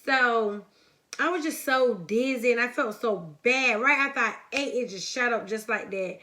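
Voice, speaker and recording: A young woman from the United States telling a story-time vlog in a lively, chatty way, talking straight to her viewers. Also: on the high side, normal speed. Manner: casual and chatty, calls viewers honey and baby. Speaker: vlogger.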